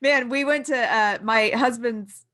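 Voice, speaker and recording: A woman co-hosts a relaxed podcast, talkative and quick to laugh. Her voice sits a little high. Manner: laughs often, chatty, bubbly. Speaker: podcast co-host. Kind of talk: casual chat.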